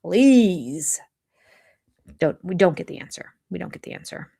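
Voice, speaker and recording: An older woman hosting a live chat with viewers about a reality show, casual and animated, with restarts and quoted asides. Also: on the low side, fast talker, creaky, slightly rough. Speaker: livestream host of a reality TV recap channel.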